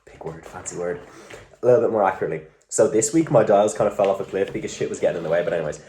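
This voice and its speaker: A man's voice: deep voice, rapid-fire, dark tone, a little hiss or hum. A young man talking casually in a vlog, rambling, swearing often and poking fun at himself. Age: young adult. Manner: rambling, profane, self-mocking. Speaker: vlogger.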